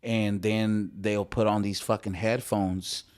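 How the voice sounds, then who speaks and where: Chill guy with a lowish voice, rapper on a podcast, lots of you know and cussing. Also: little pitch movement, slow pace, a little mellow. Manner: laid-back, heavy use of fillers and swearing. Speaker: rapper guest. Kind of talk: casual podcast chat.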